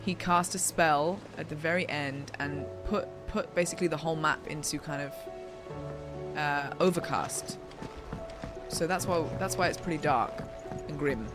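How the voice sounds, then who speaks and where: A woman's voice: deep voice, a little slow. A woman streamer playing a video game, talking chattily and playfully to her viewers. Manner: chatty, playful, talks to chat. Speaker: gaming streamer. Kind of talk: let's play commentary. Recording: voice over game music. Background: game music.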